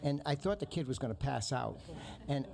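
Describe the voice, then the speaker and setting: A man's voice: medium pitch, lively intonation, moderate pace, vocal fry, a little mellow. A man speaking as a town councilor at a council meeting, telling anecdotes in a rambling way.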